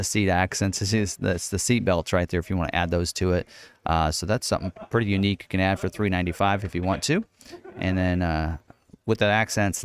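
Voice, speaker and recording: Low, smooth-voiced man rambling casually. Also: dry recording. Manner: rambling, thinks aloud with many fillers. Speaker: car channel host. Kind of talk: casual screen walkthrough.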